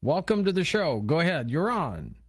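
A man hosting a call-in radio show, telling stories in a relaxed conversational way and welcoming callers. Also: a little high, normal speed, slightly rough. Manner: storytelling, conversational. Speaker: radio host.

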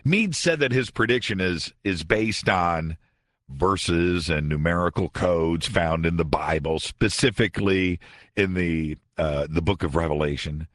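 A man's voice: low voice, measured pace, a bit bright, no echo. A man hosting a late-night radio talk show, delivering a sarcastic, conversational monologue from a studio.

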